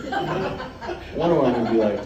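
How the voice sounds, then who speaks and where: A man's voice: mid-range voice, huge pitch swings, fairly quick, muffled recording, crowd noise. Young male comic, rambling and profane, laughs through the bit, mic far off in an echoey room. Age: 20s. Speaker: stand-up comedian. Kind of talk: stand-up storytelling.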